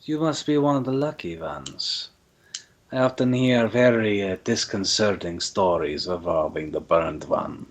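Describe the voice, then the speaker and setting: A man voicing a calm, inquisitive horned male traveler in a measured, questioning way. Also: lowish voice, voice pushed down. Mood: inquiring.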